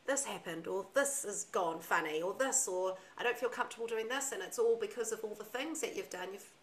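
A woman's voice: medium pitch, a little fast, low-quality recording. A young woman in a casual podcast chat, talking candidly and emphatically and swearing freely.

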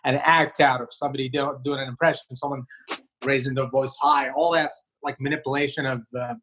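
A male comedian talking casually in an interview over a video call, relaxed and rambling with many fillers and restarts. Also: medium pitch, a little fast, a little hiss or hum, rough recording. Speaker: comedian guest. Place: home, remote video call.

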